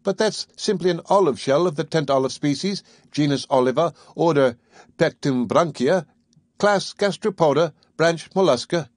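A man voicing an excitable, devoted male manservant who speaks formally to his master, in a storybook reading. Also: a little high, moderate pace, dry recording, studio quality, voice pushed up, natural voice. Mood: excited.

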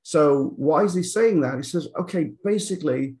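A male Bible teacher gives an informal lecture in a voice on the high side, mellow and lively in intonation, at a normal speed. He talks conversationally with lots of fillers and frequent "okay?" check-ins while paraphrasing scripture casually.

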